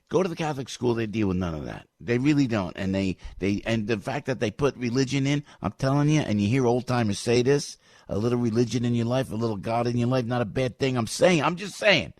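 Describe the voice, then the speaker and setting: A man's voice: medium pitch, no echo. A man hosting a radio talk show, chatting in a rambling, jokey way with many restarts.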